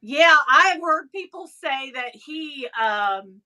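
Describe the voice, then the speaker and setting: A high-pitched woman, chatting on her live stream like an old friend. Her voice is bright and forward, and she spins animated, chatty stories. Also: takes it slowly. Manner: chatty, animated storyteller with frequent laughs. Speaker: live stream host and former radio interviewer. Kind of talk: casual chat.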